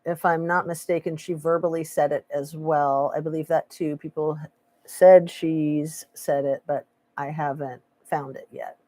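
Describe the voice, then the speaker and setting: A woman's voice: low voice, fairly even intonation, a little slow, mellow, no echo. A woman hosting a casual true crime live stream, sarcastic and opinionated, reading chat aloud. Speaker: true crime commentary host.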